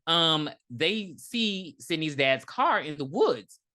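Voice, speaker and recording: Low-voiced woman podcaster recapping a movie. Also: slow pace. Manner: animated, profane, laughing storyteller. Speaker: podcast co-host. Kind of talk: casual movie recap chat.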